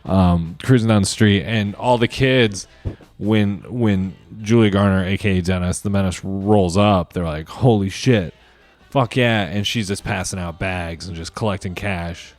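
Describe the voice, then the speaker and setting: A man's voice: sits low, steady tone, moderate pace, a little mellow, faint music behind. A man hosting a comedy podcast solo, rambling and cursing as he makes up a movie plot on the spot. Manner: rambling, profane, improvising a plot aloud. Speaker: podcast host. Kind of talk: casual comedic riffing.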